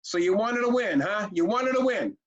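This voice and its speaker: A woman's voice: mid-range voice, animated, brisk, dull audio, pitched above the performer's own voice, lightly acted. A man voicing an exasperated middle-aged mother who fires off disbelieving, repeated questions. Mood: indignant.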